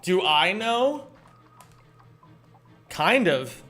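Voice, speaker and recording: A man with a high, very lively voice calls out his speedrun live, jumping from casual chatter to loud excited outbursts. He swears freely and trades jokes with his chat. Faint game music plays behind him. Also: very slow. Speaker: streamer and speedrunner. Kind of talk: live-stream commentary while playing.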